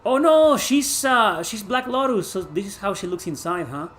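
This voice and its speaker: Excitable higher-pitched streamer. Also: male voice, moderate pace. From Mexico. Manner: excitable, swears, shouts at the game. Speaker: gaming streamer. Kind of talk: live gameplay commentary chatting with viewers.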